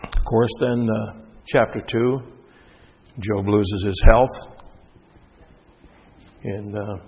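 A man preaching a sermon in an animated way, voice climbing loud at high points and dropping soft for stories. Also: very slow, creaky, husky. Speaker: pastor. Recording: reverberant hall.

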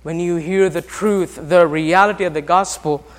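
A male pastor with a high voice preaches a sermon to his congregation. He moves from hushed, quiet passages to loud, fervent ones and keeps asking the listeners questions. His voice rings with the long reverb of a church hall. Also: fairly even intonation, moderate pace.

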